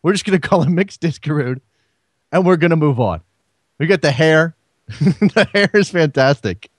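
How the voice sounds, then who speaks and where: A man's voice: a little high, animated, moderate pace, no echo. A man hosting a casual sports call-in radio show, talking off the cuff and often repeating words as he thinks aloud.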